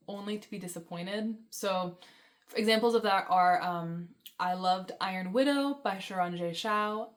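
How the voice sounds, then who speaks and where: A young woman book vlogger with a medium-pitched voice chats casually about books. She's enthusiastic and rambling, full of fillers and laughter.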